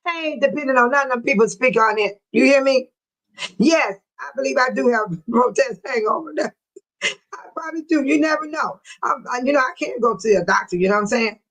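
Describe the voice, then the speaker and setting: Older Chicago-area woman, livestream host, casual and chatty, quick to laugh, fairly high pitch. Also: low-quality recording. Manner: laughs often, animated and chatty. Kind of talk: casual livestream chat reading viewer comments.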